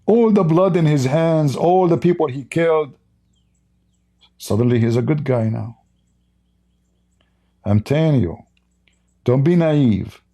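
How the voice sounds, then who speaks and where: Slow and pausing often, he speaks in a slightly high voice with a dark tone. As host of a live stream, he reads out viewer chat and gives blunt, mocking, heated commentary in broken English, a language not native to him.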